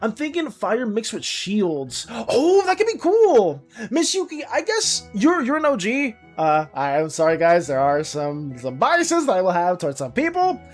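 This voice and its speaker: A woman streamer chatting casually with her viewers. She often trips over her words and is quick to apologize. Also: mid-range voice, huge pitch swings, faint music behind. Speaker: art streamer.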